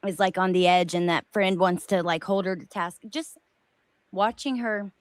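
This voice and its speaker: A woman's voice: on the low side, normal speed, no room sound. A woman co-hosting a casual commentary chat, musing aloud in a loose, chatty way. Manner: chatty, thinks aloud with fillers and hedges. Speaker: co-host.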